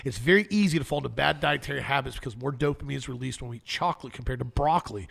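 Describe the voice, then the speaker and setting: A man's voice: mid-range voice, very fast, gravelly, fairly bright tone, slightly rough. A young man co-hosting a health talk show. He chats casually, agrees with his co-host and reads health tips aloud.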